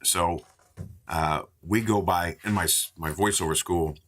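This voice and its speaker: A man's voice: low voice, a little slow, a bit bright. A man hosting a live card-opening stream from a store, chatting and joking with viewers while calling out card names. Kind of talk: casual live-stream commentary. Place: indoors at a store.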